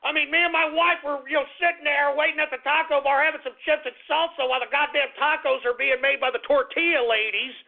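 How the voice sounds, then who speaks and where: A man with a very high, gravelly voice rants through his call-in radio show. He swears constantly and sounds angry and fed up. The audio is narrow and tinny, like a phone line. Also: fairly even intonation, quick pace, hardly any pauses. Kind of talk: profane call-in radio rant.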